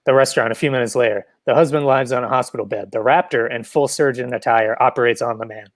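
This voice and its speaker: A man reading the stage directions of his own comedy sketch in a deadpan way. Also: mid-range voice, quick pace, no echo.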